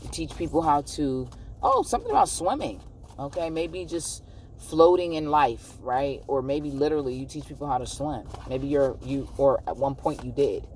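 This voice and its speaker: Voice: medium pitch, expressive, normal speed, a little mellow, distant mic, slight background noise. A tarot card reader giving a casual, encouraging pick-a-card reading to viewers, often checking in with "okay?".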